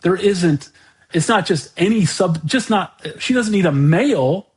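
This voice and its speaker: Male podcast host, somewhat high pitch, unscripted musing delivery, halting, full of restarts and repeated words. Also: expressive. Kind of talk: unscripted monologue commentary.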